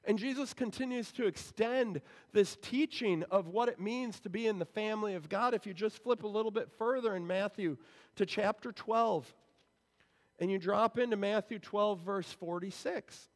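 Guy pastor preaching in church, kinda high voice, talks to the congregation like a chat, long hall echo. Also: normal speed. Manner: conversational, explanatory. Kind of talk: sermon. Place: church sanctuary.

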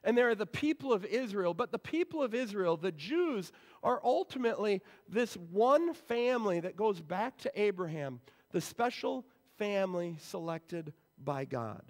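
A man's voice: sits high, very animated, unhurried. A male pastor giving a sermon in a church sanctuary, explaining scripture in a conversational way. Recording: long reverb in a church hall.

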